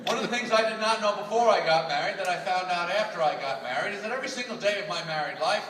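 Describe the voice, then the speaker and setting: A man's voice: high-pitched, animated, fast. A man doing a stand-up comedy routine on a theatre stage with an exasperated, emphatic delivery, taped from the audience. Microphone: audience recording from far back. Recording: echoey hall from far off, loud crowd laughter. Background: loud audience laughter.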